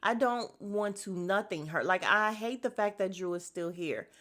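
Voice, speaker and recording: A woman hosting a casual podcast, recapping a reality show in a sassy, animated way and acting out quotes in exaggerated voices. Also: medium pitch, normal speed.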